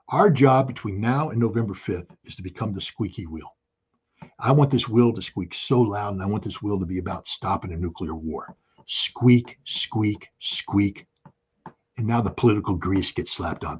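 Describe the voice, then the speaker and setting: A man's voice: on the low side, husky, highs cut off. A man in his sixties, a guest on a talk show, speaking urgently and emphatically, hammering his points and repeating key phrases over a video call. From United States. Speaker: guest commentator. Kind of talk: impassioned political talk.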